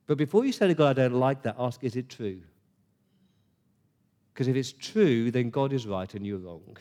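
A man preaching a sermon in an earnest, conversational way, pausing and restarting as he talks to his congregation. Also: medium pitch, mellow.

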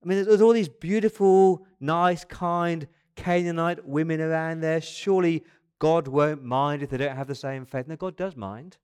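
A man's voice: a little high, moderate pace, smooth. Man in his fifties preaching conversationally. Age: 50s. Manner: lively, conversational preaching with asides and restarts. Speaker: pastor. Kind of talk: sermon.

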